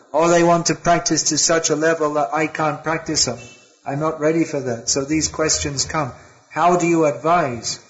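A man lectures on spiritual life with a slightly high voice. He halts often, starting phrases over before finishing them. The recording sounds dull and lo-fi. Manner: hesitant, with many restarts and fillers. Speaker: spiritual teacher.

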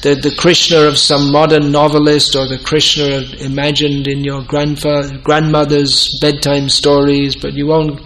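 A man's voice: on the high side, completely flat delivery, a little slow, few pauses, fairly bright tone, low-quality recording. Man teaching casually to a group; raises his voice a little at punchlines, faint room noise. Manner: storytelling, quotes dialogue, laughs at own points. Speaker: devotional teacher. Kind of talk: informal religious discourse.

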